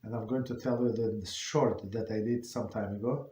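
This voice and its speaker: Man teaching, halting, in an echoey room. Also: fairly low pitch, fairly even intonation, mellow. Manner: halting, many fillers and restarts. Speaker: rabbi teaching a class. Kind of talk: informal Torah class.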